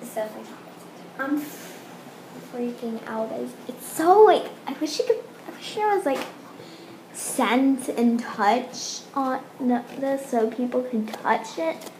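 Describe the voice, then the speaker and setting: A young woman vlogging an excited toy unboxing, gushing and exclaiming over it. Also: a little high, a little slow. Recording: echoey room with clear background noise.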